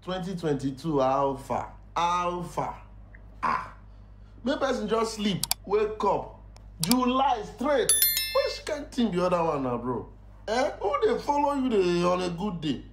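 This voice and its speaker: Lively Nigerian Pidgin-speaking man. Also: high-pitched, measured pace, roomy sound, background noise. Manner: animated, pleading, exclaiming. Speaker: skit performer. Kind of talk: comic skit, excited banter.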